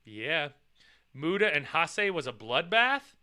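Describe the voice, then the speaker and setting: Casting: excitable guy streaming a rant, high lively voice, bright and crisp, swears constantly. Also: slow pace. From United States. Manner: animated, swears a lot, mocks with put-on voices. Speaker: streamer reacting to a list and chat. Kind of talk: profane casual rant reading chat.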